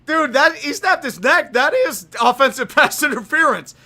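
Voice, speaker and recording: A man doing amateur, profane play-by-play commentary on a livestream, shouting on big plays. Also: very high voice, animated, moderate pace.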